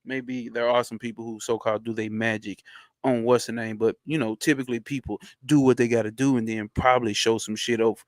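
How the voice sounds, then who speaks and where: A man hosting a livestream, reading a text aloud in halting stops and breaking off into loose, profane slang asides. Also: mid-range voice, little pitch movement, no room sound, studio quality. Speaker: livestream host. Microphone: home streaming setup.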